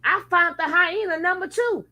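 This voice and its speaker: A woman's voice: very high-pitched, normal speed, pushed and bright, low-quality recording. A woman hosting a reaction commentary, speaking angrily with cursing and restarted phrases. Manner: angry, profane, restarts phrases. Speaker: reaction channel host.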